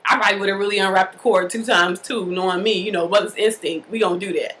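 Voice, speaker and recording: A woman casually telling a personal story to the camera in a lively, colloquial way, acting out the scenes as she goes. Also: mid-range voice, quick pace, a little hiss or hum, poor audio. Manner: animated, colloquial, acts out the scenes. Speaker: mother telling a birth story.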